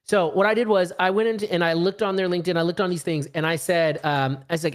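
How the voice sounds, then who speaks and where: A man's voice: sits high, steady tone, fast talker, few pauses. A man in his late thirties giving a casual live-streamed business talk, acting out little dialogues as he goes. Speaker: real estate investor and speaker.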